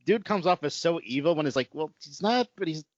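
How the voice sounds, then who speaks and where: A man co-hosting a podcast, talking haltingly and filling pauses with "uh" and "like". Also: fairly high pitch, animated, no room sound. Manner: halting, many fillers. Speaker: podcast co-host. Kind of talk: casual fan discussion. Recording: dry, dull lo-fi audio.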